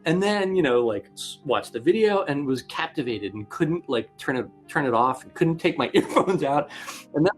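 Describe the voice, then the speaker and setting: A man's voice: a little high, lively intonation, normal speed, faint music behind. Rambling, self-mocking man. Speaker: podcast co-host. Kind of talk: casual chat.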